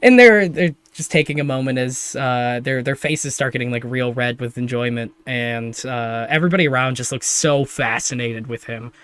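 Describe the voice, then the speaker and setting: A man's voice: mid-range voice, flat delivery, normal speed, few pauses, fairly bright tone, clear, resonant tone, no echo. A man narrating as game master of a tabletop game, describing scenes in a rambling way full of fillers.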